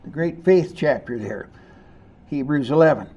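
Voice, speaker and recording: A man preaching a sermon as pastor, moving between hushed and emphatic lines and asking the congregation rhetorical questions. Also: fairly high pitch, animated, moderate pace.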